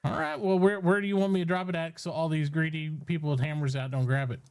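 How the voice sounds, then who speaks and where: A man's voice: a little high, fast talker, vocal fry, a little mellow, clean tone. A man playing a shopkeeper in a casual game roleplay, rambling with restarts and laughing often. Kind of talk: casual roleplay chat, mock auctioneer calls.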